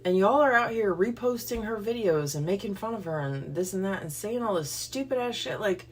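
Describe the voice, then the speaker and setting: A woman's voice: medium pitch, expressive, normal speed, soft background music. Blunt, profane woman on a livestream. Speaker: livestream host. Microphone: phone or computer livestream.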